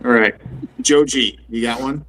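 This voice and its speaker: A man's voice: medium pitch, fairly even intonation, unhurried, a bit bright, a little hiss or hum, rough recording. A man hosting a casual podcast chat, laughing and handing turns to the others. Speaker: podcast host.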